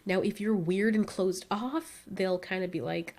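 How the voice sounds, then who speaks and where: Young woman vlogger, casual and animated, laughs through her stories, mid-pitched voice. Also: a little slow. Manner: animated storytelling, acts out quotes with laughs. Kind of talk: casual chat.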